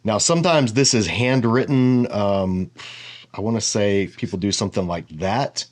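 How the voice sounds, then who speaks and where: A man teaches a relaxed whiteboard lesson. He explains each point step by step, pausing to think aloud and wander into friendly asides. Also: fairly low pitch. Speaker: Bible teacher.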